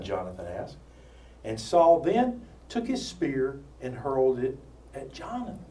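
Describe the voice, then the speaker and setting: A man preaches with a swinging, animated pitch, throwing in asides and jokes as he tells the story. The mic sits some way from him in an echoey room. A faint hum of ambience stays behind his voice. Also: a little slow. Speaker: preacher teaching a Bible study. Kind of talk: sermon. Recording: roomy sound from far off with faint ambience.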